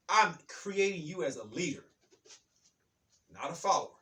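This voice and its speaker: A man giving an emphatic, repetitive motivational talk like a preacher, building to loud peaks. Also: fairly high pitch, very animated, normal speed, long pauses, far from the mic. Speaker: author and self-help speaker.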